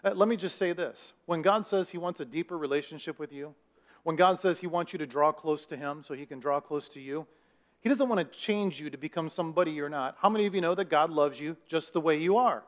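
A man's voice: on the high side, brisk. A male pastor preaching a sermon in a conversational way, raising his voice for emphasis and putting questions to the congregation.

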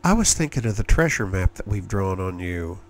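A man's voice: sits low, very animated, fairly quick, slight background noise. A man putting on a teasing young woman. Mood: playful.

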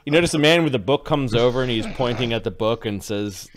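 A man's voice: medium pitch, lively intonation, fast, slight background noise. A man running a tabletop game as game master, narrating animatedly and laughing often.

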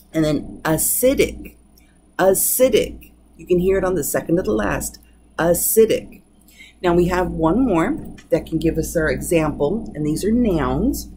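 A woman teaching English pronunciation, saying each example word twice, slowly and deliberately. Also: on the low side, mellow, slight background noise, rough recording. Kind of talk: pronunciation lesson.

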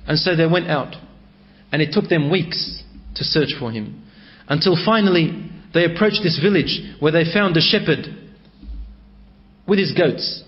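A man's voice: fairly high pitch, animated, a little slow, highs cut off. A male preacher telling a story in a sermon, emotive and mixing in Arabic phrases.

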